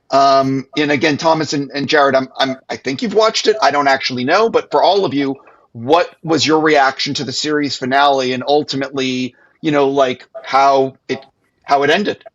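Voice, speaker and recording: A man's voice: mid-range voice, moderate pace, a bit bright. Rambling male Q&A host. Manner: rambling, winding questions. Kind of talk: live panel moderation. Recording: dull lo-fi call audio.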